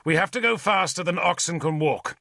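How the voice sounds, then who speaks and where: A man's voice: sits high, lively intonation, a little fast, creaky, sharp tone, slight background noise, voice pushed up, full character voice. A man doing a snarling aging warrior. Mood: urgent. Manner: snarling, barked orders. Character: hardened aging male warrior lord, angry and commanding.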